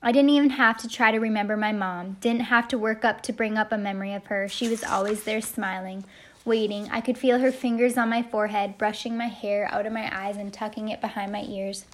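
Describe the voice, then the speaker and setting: A woman's voice: mid-range voice, fairly even intonation, brisk. A woman narrating a first-person audiobook in a heartfelt storytelling manner. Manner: heartfelt storytelling, shouting the quoted lines.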